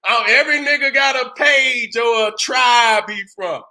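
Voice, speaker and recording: A man with a strikingly high, piercingly bright voice holds forth in a fiery commentary monologue. He is emphatic and profane, often breaking into shouts. He keeps checking in with his listeners, asking whether they understand what he's saying. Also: unhurried. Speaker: channel host.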